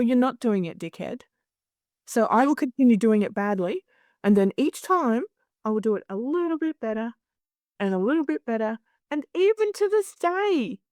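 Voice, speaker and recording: Woman, fairly high voice, blunt and sweary, lively storyteller, dry close sound. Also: no room sound. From Australia. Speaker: guest, clinical hypnosis director. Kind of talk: candid interview talk.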